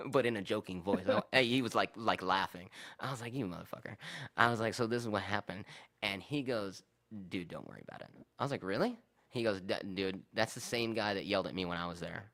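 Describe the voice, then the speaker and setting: Profane, animated man telling stories. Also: lowish voice, brisk. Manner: animated, profane, acts out both sides of arguments. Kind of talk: casual storytelling chat.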